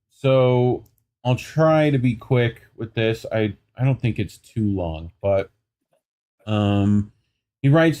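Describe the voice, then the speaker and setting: A young man co-hosts an independent news program in a casual, conversational way, his voice sitting at an ordinary middle pitch. He reads passages aloud, then breaks off into sarcastic, riffing commentary. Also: darkish tone. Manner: sarcastic, riffing asides between quoted passages. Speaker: news show co-host.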